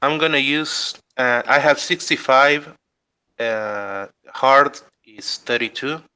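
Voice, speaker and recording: A man's voice: medium pitch, slow pace, pushed and bright, smooth. A man playing a tabletop game, talking casually and hesitantly as he decides his moves. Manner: hesitant, many fillers while deciding. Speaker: player.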